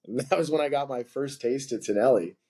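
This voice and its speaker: A man's voice: mid-range voice, a little fast, mellow. A young man telling a story as a podcast guest, rambling and filling his talk with "like". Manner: rambling, heavy on filler "like". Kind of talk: casual storytelling.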